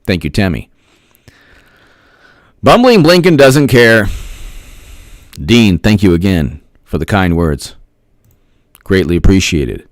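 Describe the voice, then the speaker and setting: A political commentary livestream host speaks into a close mic with big pitch swings, firing rhetorical questions and repeating himself for emphasis. He takes it slowly, pausing often to read chat and thank viewers by name. The recording is dry and close, with no room sound.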